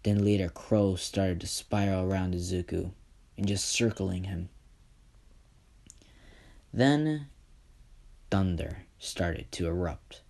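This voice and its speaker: Male storyteller, casual improvised narration, low voice, very slow, rambling with fillers. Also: gravelly, darkish tone. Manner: rambling, leans on "just", self-corrects.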